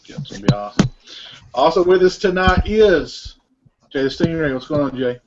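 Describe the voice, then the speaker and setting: A man's voice: fairly high pitch, animated, brisk, dull audio, noisy background. A man acting as moderator of a casual group film commentary, introducing each guest and laughing often.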